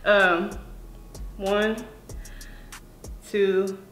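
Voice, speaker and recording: A young woman co-hosting a casual challenge vlog, giggly and animated. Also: mid-range voice, drawn-out words. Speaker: co-host. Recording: echoey room with faint music.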